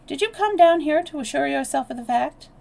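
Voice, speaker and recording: A woman's voice: high-pitched, animated, fairly quick, creaky, darkish tone, voice pushed up. A woman voicing a confident young man with a teasing, ironic way of talking.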